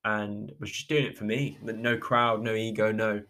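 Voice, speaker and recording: Emotional man, halting and low-pitched. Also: level tone, pushed and bright. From England. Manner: halting, with many restarts and trailing pauses. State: emotional, close to tears. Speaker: podcast host. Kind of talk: reflective personal monologue.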